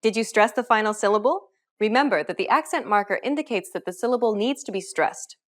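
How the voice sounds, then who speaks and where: A woman narrating a scripted pronunciation lesson in a clear, instructive manner. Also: medium pitch, brisk. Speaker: language teacher.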